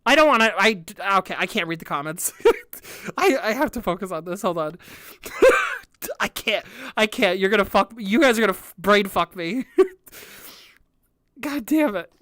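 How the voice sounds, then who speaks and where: A woman's voice: mid-range voice, big pitch swings, moderate pace, a bit bright, dry recording, studio quality. A young woman streaming a music reaction, thinking aloud with hesitant restarts, laughing and swearing as she reads lyrics.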